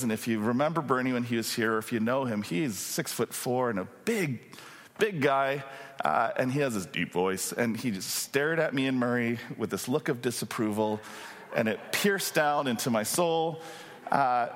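A man in his forties preaching, telling a funny story in an animated, self-mocking way with many fillers. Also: mid-range voice, big-room sound. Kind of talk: storytelling sermon.

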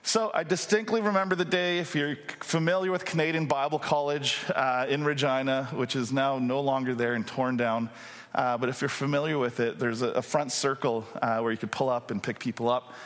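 A man in his forties preaching, telling a funny story in an animated, self-mocking way with many fillers. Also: medium pitch, fairly quick, big-room sound. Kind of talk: storytelling sermon.

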